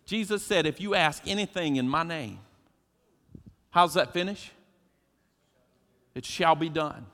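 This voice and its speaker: A man's voice: a little high, unhurried, fairly bright tone. A man preaching a sermon as pastor, emphatic and preacherly, putting questions to his congregation. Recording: long hall reverb.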